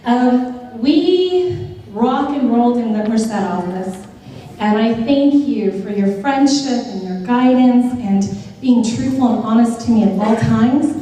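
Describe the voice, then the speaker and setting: A middle-aged woman giving a heartfelt thank-you speech at a formal ceremony, grateful and warm, with light humorous asides. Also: on the high side, slow pace, far from the mic. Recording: echoey hall, picked up from afar.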